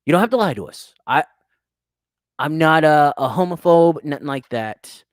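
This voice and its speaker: A man's voice: a little high, lively intonation, moderate pace, dry recording, studio quality. A young man, hosting a crude, teasing podcast chat and laughing often. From United States. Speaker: podcast host. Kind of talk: casual chat reading live chat.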